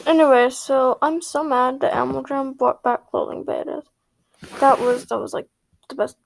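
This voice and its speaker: A woman's voice: sits high, steady tone, normal speed, gravelly, slight background noise. A female gaming vlog host ranting indignantly in a casual, rambling way, repeating herself and filling with "like".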